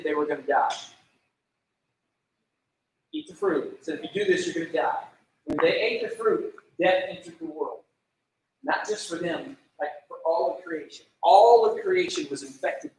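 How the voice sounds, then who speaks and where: A man giving a casual youth sermon, full of "like", asking the room questions and acting out prayers in little voices. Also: sits high. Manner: conversational, lots of "like", acts out prayers in voices. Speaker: youth pastor. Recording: echoey room from far off.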